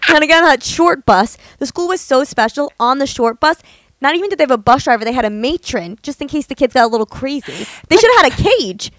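A woman's voice: high-pitched, lively intonation, fast talker, dry recording. A young woman, joking sarcastically while chatting on a podcast with her mother. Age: young adult. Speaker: podcast co-host, comedian. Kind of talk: casual chat.

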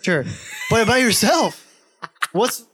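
A young man with a somewhat high voice talks in casual chat. He is blunt and pushy, swearing freely as he presses his point. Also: expressive, slow, fairly bright tone, husky, faint music behind. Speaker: podcast guest, host's best friend.

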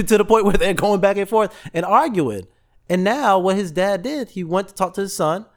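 A man, hosting a casual motivational podcast and telling stories with lively, acted-out voices. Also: high voice, moderate pace. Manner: animated storytelling, acts out voices in quotes, laughs often. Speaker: podcast host.

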